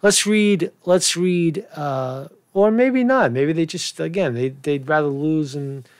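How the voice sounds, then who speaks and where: A man's voice: fairly high pitch, slow pace, no room sound. A man delivering a crude, mocking political rant as a commentary vlogger, swearing often. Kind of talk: profane off-the-cuff political rant.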